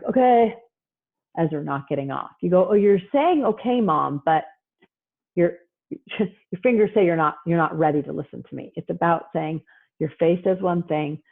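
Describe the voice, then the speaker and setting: A woman presenting on parenting in a casual talk over a video call, chatty and acting out parents and kids in quick asides. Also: on the low side, gravelly. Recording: tinny phone-like line.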